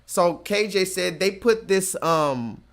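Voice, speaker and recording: A man hosting a livestream, ranting casually and reading chat comments, cursing freely and slowing down to hammer his points home. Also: sits high, lively intonation, fairly bright tone. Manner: profane, emphatic, slows down to stress points.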